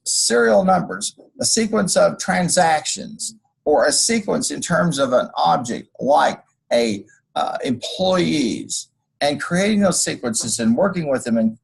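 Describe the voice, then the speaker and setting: In this screencast lecture, a male college instructor explains code and drifts off into homespun anecdotes. He speaks at a fairly high pitch with vocal fry and huskiness, captured on a rough recording.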